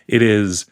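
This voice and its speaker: A man co-hosting a podcast from a hotel room, talking in a thoughtful, rambling way with restarts. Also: fairly low pitch. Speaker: podcast co-host. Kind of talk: casual chat.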